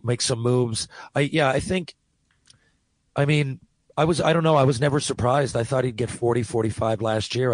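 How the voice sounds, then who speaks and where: Talkative sports radio co-host. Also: male voice, medium pitch, dry recording, low-quality recording. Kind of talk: casual sports talk.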